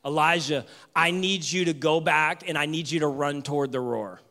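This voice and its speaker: A preacher voicing a hushed, patient God. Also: male voice, moderate pace. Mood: urgent. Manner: soft, low, near-whispered. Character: patient, commanding male God, low and hushed.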